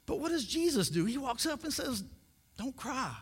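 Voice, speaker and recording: Man, pastor, high voice, jokey sermon, repeats words when starting sentences. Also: sing-song, brisk. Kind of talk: humorous sermon.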